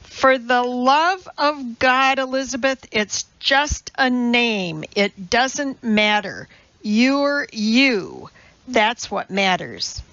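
A woman narrator voicing a proud, flustered male scientist who insists loudly, recorded with dull, lo-fi sound. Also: lively intonation, slow, creaky, dry recording, full character voice. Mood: exasperated. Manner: insistent, rising to a louder pitch.

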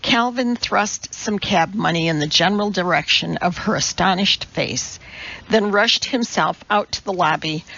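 A woman narrating an audiobook novel in a measured, even way. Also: lowish voice, creaky. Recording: dull lo-fi audiobook recording.

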